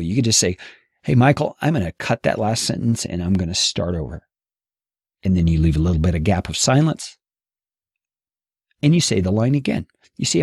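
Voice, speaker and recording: A man teaching a podcast course, speaking expressively into a close boom-arm studio mic from his seat. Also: breathy edge, no echo. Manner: expressive, animated delivery. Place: home studio, seated at a table.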